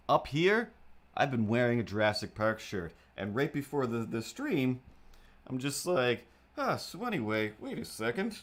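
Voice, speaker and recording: A young man hosting a livestream, chatting casually while he draws. He rambles, jokes at his own expense and often drifts off topic. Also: mid-range voice. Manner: meandering, self-deprecating, goofy. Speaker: livestream host.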